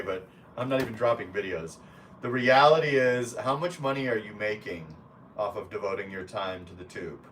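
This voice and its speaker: A man's voice: mid-range voice, distant mic. Casual male streamer reading chat aloud, blunt and foul-mouthed, mic set back with a light hiss behind. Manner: blunt, profane and rambling. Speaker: expat live streamer.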